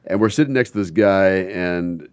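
A man hosts a casual radio talk show, his voice sitting fairly low. He tells loose, rambling stories into a studio microphone. The sound is dry and close, with no room around it. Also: normal speed, smooth, dry recording. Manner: chatty, rambling storyteller. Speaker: radio host.

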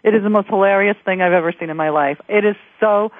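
A woman's voice: mid-range voice, fast, no echo. A woman host chats with a guest in a talkative, candid way, with opinions she shares freely. Her voice sounds narrow and tinny, like a phone line. The sound is dry, with no room around it. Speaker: radio host. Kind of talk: interview chat.

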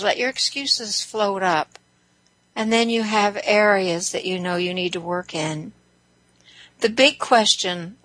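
A middle-aged woman hosts a self-help show with a bright, clear voice. She guides listeners through soft, reflective questions. The recording is dry and close to the mic. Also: medium pitch, no echo, poor audio. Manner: guiding listeners with a stream of questions, gentle and conversational. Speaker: host and hypnotist.

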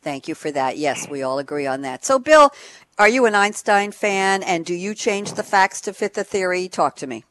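A woman's voice: mid-range voice, animated, normal speed, fairly bright tone, no echo. Dry, upbeat woman radio host. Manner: enthusiastic, emphatic, frequent laughs. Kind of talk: lively panel introduction.

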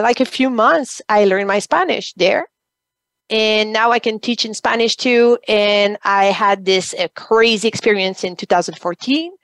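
A woman with a French accent, a guest on a business radio show, speaking haltingly and often restarting as she searches for English words. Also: mid-range voice, a bit bright, dry recording. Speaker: guest, online business coach. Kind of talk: radio interview.

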